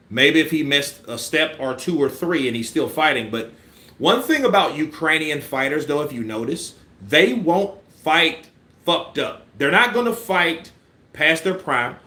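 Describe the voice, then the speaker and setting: A man's voice: medium pitch, reverberant. A man giving casual, profane boxing commentary on a live stream, acting out punch combinations. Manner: animated, profane, acts out punch sequences.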